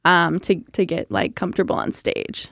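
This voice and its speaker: A woman's voice: fairly low pitch, sing-song, moderate pace, gravelly, a bit bright, no room sound. Female co-host, playful and giggly, dry close mic. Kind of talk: casual chat.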